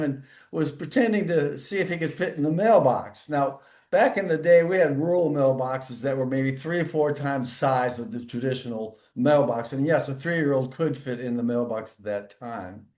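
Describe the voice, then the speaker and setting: A man telling a rambling family story in an echoey room. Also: a little high. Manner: animated, acts out voices in his anecdote. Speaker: storyteller guest. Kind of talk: casual storytelling.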